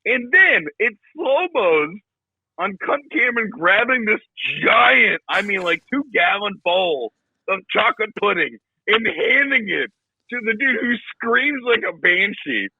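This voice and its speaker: A young man with a high, husky voice swings his pitch wildly as he tears into a film on a casual podcast. He swears freely and mimics the people he mocks. The recording is dry and a bit muffled. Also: measured pace, no room sound. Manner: profane, animated storytelling with mocking impressions. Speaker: podcast co-host. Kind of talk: casual podcast movie rant.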